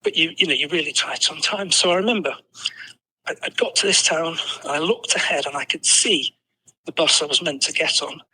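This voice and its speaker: A man's voice: a little high, brisk, bright, forceful tone, slight background noise, poor audio. An English man in his sixties, a podcast guest telling a story with self-deprecating humour and lots of "you know". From England. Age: 60s. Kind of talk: storytelling in conversation.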